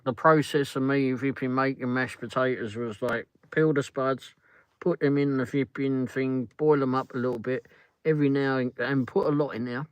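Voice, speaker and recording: A man's voice: mid-range voice, steady tone, moderate pace, clear, resonant tone, no echo, poor audio. A middle-aged English man hosting a casual livestream chat from a car on the drive home, rambling as he answers viewer comments. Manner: rambling, peppers talk with "flipping". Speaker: livestream host.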